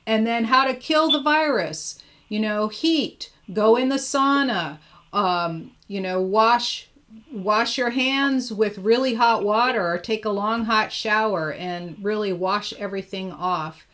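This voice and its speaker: A woman's voice: medium pitch, slow, a bit bright. A woman hosting a casual live interview, chatty and enthusiastic, often laughing. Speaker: host.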